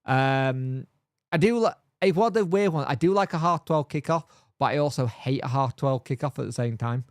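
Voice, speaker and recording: A man's voice: medium pitch, moderate pace, dry recording, studio quality. A man hosting a football fan channel, chatting casually on a live stream and thinking aloud with lots of fillers.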